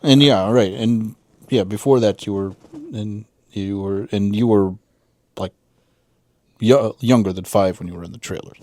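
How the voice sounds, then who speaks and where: A middle-aged man from western Massachusetts, chatting casually as a podcast co-host and recalling things in a rambling, halting way full of restarts. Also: on the low side, a little mellow, no echo. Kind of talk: casual conversation.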